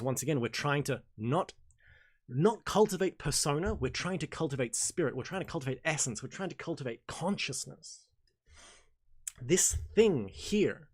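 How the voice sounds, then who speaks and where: Male host, loose off-the-cuff delivery, frequent restarts and mild swearing, pitched a little high. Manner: rambling, self-correcting, casual with swearing. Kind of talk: casual Q&A livestream talk.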